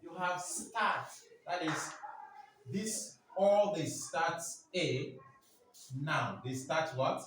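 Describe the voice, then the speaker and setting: Man, classroom teacher, slow deliberate pace, quizzing students, heavy room echo, distant mic. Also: a little high, animated, fairly bright tone. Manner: keeps asking the class "what?" for them to fill in answers; drills words aloud for the class to repeat. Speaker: French teacher. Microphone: far from the speaker. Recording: very echoey room, distant mic, faint noise.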